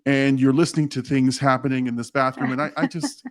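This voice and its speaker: A man in casual podcast chat with a middle-pitched voice. He tells workplace stories with energy, slips into acted-out quotes and trips over his restarts. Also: fairly quick. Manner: animated storytelling with quoted dialogue; frequent restarts and fillers. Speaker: podcast co-host, HR professional.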